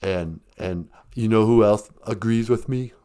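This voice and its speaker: A man's voice: lowish voice, unhurried, dark tone, clean tone, lightly acted. A man voicing a famous first lady in a comic impression, sassy and blustering, threatening to fight her critics. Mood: indignant.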